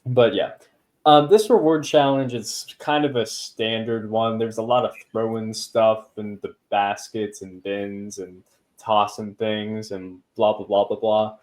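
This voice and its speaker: A man's voice: fairly low pitch, fairly even intonation, unhurried, darkish tone. A man hosting a podcast in casual chat, rambling with many fillers and throwaway asides. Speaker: podcast host.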